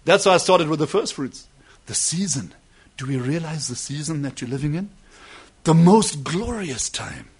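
Husky, high-voiced preacher man. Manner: swings between soft asides and loud drawn-out emphasis. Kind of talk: sermon.

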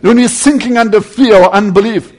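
Man, preacher, sermon, high voice, emphatic then hushed, addresses friends. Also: a little fast. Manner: swings from loud emphatic preaching to hushed near-whisper; addresses listeners as friends, earnest and pleading.

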